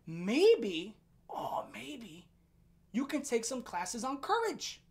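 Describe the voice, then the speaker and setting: High, lively woman ranting angrily. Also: slow. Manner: heated, profane, mocking. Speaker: online commentator. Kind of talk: angry rant commentary.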